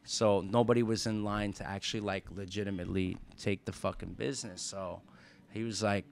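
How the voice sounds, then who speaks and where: A man's voice: on the low side, a little fast, smooth. New guy in his thirties, swears a lot, telling stories on a podcast, does the voices of the people in them. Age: 30s. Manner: profane, animated storyteller acting out quotes. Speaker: restaurant owner, podcast guest. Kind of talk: casual storytelling chat.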